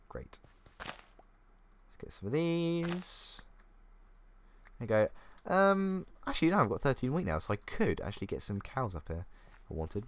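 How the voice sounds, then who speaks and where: A young man chatting casually as he talks through a game, thinking aloud and poking fun at himself. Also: lowish voice. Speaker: gaming YouTuber. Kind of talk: casual gameplay commentary. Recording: faint keyboard clicks.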